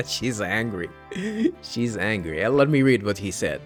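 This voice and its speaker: A man's voice: fairly low pitch, expressive, slow pace, bright, forceful tone, soft background music. A man giving casual, amused commentary over a game playthrough, rambling and restarting his sentences. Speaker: let's play host.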